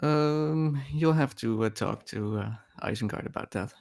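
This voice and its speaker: A man plays in a tabletop role-playing game, speaking hesitantly and stumbling over his words. His voice has a gravelly edge and sits at a middling pitch. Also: measured pace, a little mellow. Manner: hesitant, stammering. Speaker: player.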